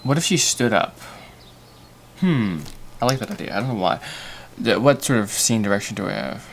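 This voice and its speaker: A man's voice: lowish voice, lively intonation, normal speed, gravelly, a little hiss or hum. A young man hosting a casual livestream while storyboarding, thinking aloud with self-mocking asides and many fillers. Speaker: animator and livestream host.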